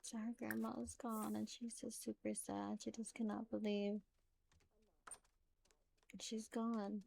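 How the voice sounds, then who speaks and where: Chatty woman with vocal fry. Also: mid-range voice, flat delivery, slow pace, a little mellow, a little hiss or hum. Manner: chatty, filler-heavy with frequent "like". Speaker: gameplay narrator. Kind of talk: casual let's-play storytelling.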